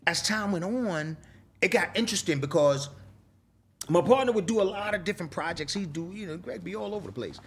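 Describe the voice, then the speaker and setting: A man's voice: fairly quick, breathy edge. A middle-aged man, a rapper telling stories in a candid interview, swearing freely and acting out what people said to him. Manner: animated, profane, acts out quoted exchanges with big pitch swings.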